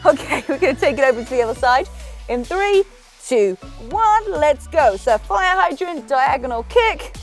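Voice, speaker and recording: A woman's voice: high voice, expressive, moderate pace, faint music behind. A woman with an English accent leading a group workout, upbeat and laughing often as she counts down reps and chats with her trainers. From England. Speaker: fitness instructor. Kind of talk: leading a workout, chatty cues.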